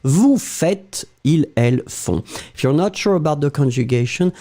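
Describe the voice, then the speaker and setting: A man's voice: a little high, lively intonation, moderate pace, mellow. A French man teaching his language in English, reading out viewer comments and spelling verb endings, with a French accent. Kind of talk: live-streamed language lesson.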